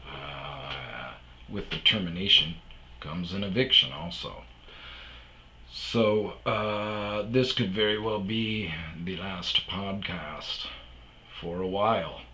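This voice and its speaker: A man's voice: sits low, bright, forceful tone, roomy sound, a little hiss or hum, poor audio. A man hosting his own podcast, telling a rambling casual story full of fillers and asides. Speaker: podcast host. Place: sparse room at home.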